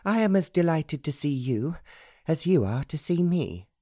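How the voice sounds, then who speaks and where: A man voicing a headstrong, spirited young English lady of the aristocracy, brisk and self-assured, in an audiobook reading. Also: on the high side, lively intonation, dark tone, no room sound, studio quality, pitched above the performer's own voice. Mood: sarcastic. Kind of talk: audiobook narration.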